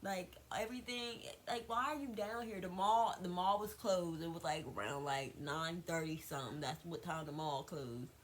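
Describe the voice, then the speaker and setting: A young woman vlogger telling a gossipy storytime, animated and repetitive, swearing freely. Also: lowish voice, moderate pace, few pauses, slight background noise, poor audio.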